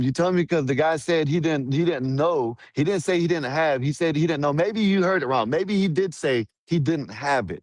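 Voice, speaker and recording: A man with a slightly high voice argues as a guest on a stream. He repeats himself, stumbles over words and stays defensive. His voice sounds dry and close. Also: no echo. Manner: repetitive, stammering, defensive. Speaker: panel guest on a live stream. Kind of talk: heated argument on a live stream.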